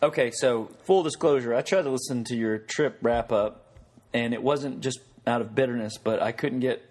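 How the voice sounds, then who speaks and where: A man's voice: medium pitch, normal speed, a little mellow. A man co-hosting a podcast in casual banter, teasing his partner dryly. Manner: dry teasing. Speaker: podcast co-host.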